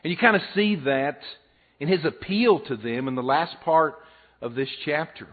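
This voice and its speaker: A man's voice: a little high, moderate pace. A middle-aged man preaching a sermon in a folksy, conversational way, mixing scripture and jokes. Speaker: pastor. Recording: phone-like narrow sound.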